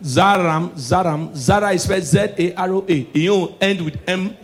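High-voiced Nigerian man doing stand-up. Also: brisk. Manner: animated, swings between hushed asides and shouted punchlines. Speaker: stand-up comedian. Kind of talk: stand-up comedy performance.

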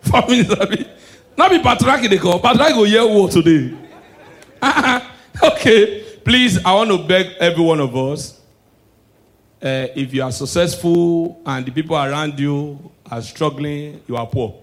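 A male stand-up comedian with a Nigerian Pidgin accent works the crowd in a high-pitched voice. He drops into low, preachy asides, then bursts into loud, shouted punchlines. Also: expressive, a little slow.

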